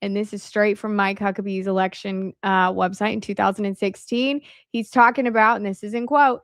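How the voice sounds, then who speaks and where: A woman's voice: mid-range voice, fairly even intonation, a little fast, hardly any pauses, no echo, studio quality. A woman giving casual, sarcastic commentary as she reads from old websites, breaking into laughter and asides. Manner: sarcastic asides, laughs while reading aloud. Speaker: political commentary podcaster.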